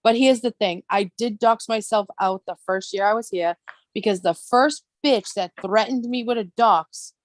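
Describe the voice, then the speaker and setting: A woman's voice: mid-range voice, normal speed, no room sound. A woman hosting a casual livestream chat, talking bluntly and swearing constantly as she rants. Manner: blunt, heavy swearing, animated ranting. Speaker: live stream host.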